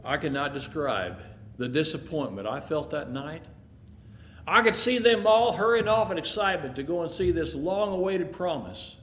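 A man telling a first-person story in an expressive, emotional way. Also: a little high, normal speed. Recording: echoey room, faint noise.

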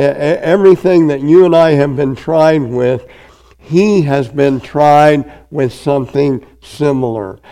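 A male pastor preaching a sermon, reading scripture aloud and pressing each point with emphatic, drawn-out phrasing. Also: mid-range voice, gravelly, warm tone, poor audio.

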